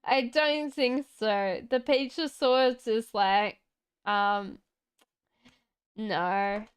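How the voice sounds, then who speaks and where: A woman with a strikingly smooth, slightly high voice reads tarot cards on a casual live stream. She talks slowly and chattily, reassuring viewers and answering them straight from the chat. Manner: chatty and reassuring, laughs often. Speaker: tarot reader.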